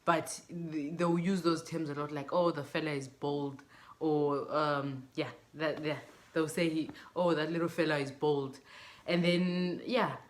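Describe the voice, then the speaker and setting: A woman's voice: low voice, steady tone, measured pace. A woman from Zimbabwe chatting to camera as a vlogger, telling stories and mimicking what people say to her. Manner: chatty, storytelling, quotes others in bright mimicking voices. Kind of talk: casual chat to camera.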